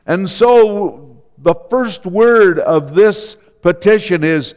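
Slow-preaching man in a reverberant church. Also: sits high, a little mellow. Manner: slow, deliberate preaching with repeated phrases. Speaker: pastor. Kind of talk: sermon.

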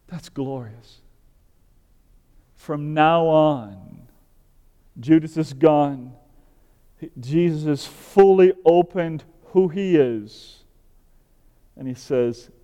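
A man delivers an earnest sermon in a smooth, mellow voice that sits a little high. His words ring out with the long reverb of a large hall, and his emphasis grows fervent. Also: drawn-out words, pauses often. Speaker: pastor.

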